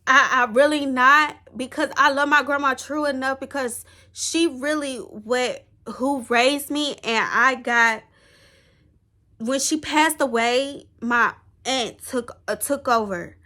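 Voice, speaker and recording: Young woman venting on her vlog, slow and heartfelt, bright voice. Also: high-pitched. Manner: rambling, heartfelt, tearful at times. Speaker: vlogger. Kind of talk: emotional personal vlog.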